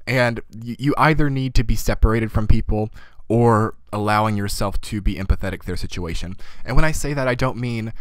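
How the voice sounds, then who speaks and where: A man's voice: fairly low pitch, fairly quick, no room sound. A man giving a casual tarot reading and losing his voice a little, rambling and talking with many "you know" and "like" fillers. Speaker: tarot reader.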